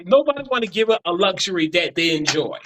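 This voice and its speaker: A man's voice: high voice, sing-song, fast, noisy background. A man speaking as a panel guest in a heated discussion, blunt and insistent. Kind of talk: argumentative discussion.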